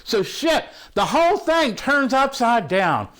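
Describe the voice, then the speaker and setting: A man's voice: extremely high pitch, very animated, slow, fairly bright tone, full character voice. A man playing a crude, horny movie fan who rambles and swears through a comic retelling of an old film. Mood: excited. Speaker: host reviewing a film. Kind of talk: comic character monologue.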